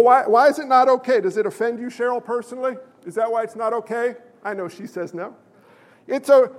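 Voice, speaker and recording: A man preaching a sermon to a congregation in a church, emphatic, firing questions at the listeners. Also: extremely high pitch. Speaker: pastor. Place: church sanctuary. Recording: long hall reverb.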